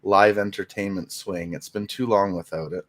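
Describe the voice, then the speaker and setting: A man's voice: sits low, steady tone, moderate pace, a bit bright. A man co-hosting a casual livestream show, chatting in an upbeat way. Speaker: co-host.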